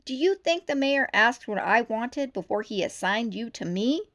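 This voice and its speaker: A woman's voice: a little high, expressive, normal speed, a bit bright. A stern male buffalo police chief from a storybook, as a woman reads him. He talks in short, curt orders and barks when he is crossed. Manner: curt, barking commands.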